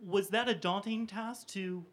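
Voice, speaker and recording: A panel moderator asking the guests questions in a brisk, polite manner. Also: mid-range voice, fairly even intonation, a bit bright.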